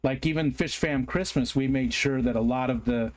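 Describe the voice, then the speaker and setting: This man hosts a casual livestream from the United States, speaking in a mid-range voice at a moderate pace. He reads viewer comments aloud and chats in a rambling, apologetic way, frequently saying um and restarting.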